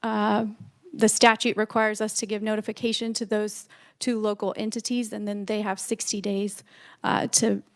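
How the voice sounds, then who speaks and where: Flat-voiced woman giving committee testimony. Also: medium pitch, moderate pace. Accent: American Midwest. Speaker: state official presenting to committee. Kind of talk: formal testimony answering questions. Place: legislative hearing room.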